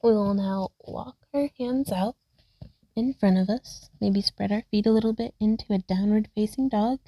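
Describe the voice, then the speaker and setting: Guiding a yoga practice at home, by a wall indoors, a woman with a mid-range voice cues breaths and poses at normal speed. She gets breathless at times, laughs at herself, and talks easily between cues, partly to herself. The recording has no echo and is low in quality.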